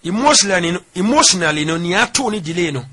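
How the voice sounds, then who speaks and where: A man's voice: high voice, lively intonation, racing, pushed and bright, slightly rough. A Ghanaian man interviewing a guest, with brief prompts and teasing remarks. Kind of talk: casual interview chat.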